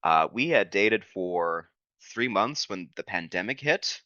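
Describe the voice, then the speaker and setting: Deep, bright-toned man, earnest and playful. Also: animated, slow, no room sound, dull audio. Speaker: podcast guest. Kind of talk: casual interview.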